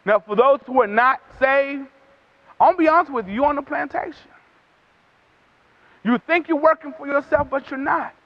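A man's voice: very high-pitched, normal speed, long pauses. A man preaching a sermon, repeating phrases in a rhythm that rises to emphatic calls, on a dull lo-fi recording.

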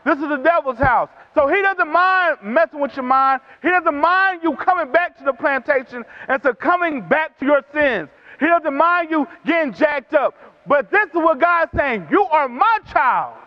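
A man's voice: very high voice, lively intonation, normal speed, hardly any pauses. A man preaching a sermon, repeating phrases in a rhythm that rises to emphatic calls, on a dull lo-fi recording.

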